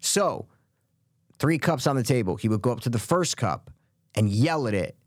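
Young guy podcaster, lively swingy voice, dry close sound, swears a lot, chatty. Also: medium pitch, normal speed, no room sound. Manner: animated storyteller, swears freely. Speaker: podcast co-host. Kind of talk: casual chat.

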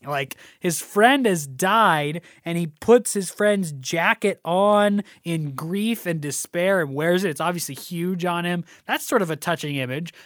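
Animated man breaking down a play. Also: dry recording, studio quality. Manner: animated, acts out quoted lines with big pitch jumps. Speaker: co-host discussing a play. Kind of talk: casual analytical discussion.

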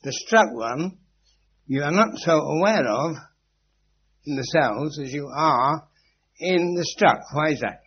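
A man's voice: on the high side, animated, slow pace, long pauses. A man giving an informal philosophical lecture to a live group. He speaks in an emphatic, instructive way, with dry witty asides and repeated key phrases. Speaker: spiritual teacher lecturing a group. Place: meeting room with a live audience. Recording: muffled 1980s lecture tape with faint hum.

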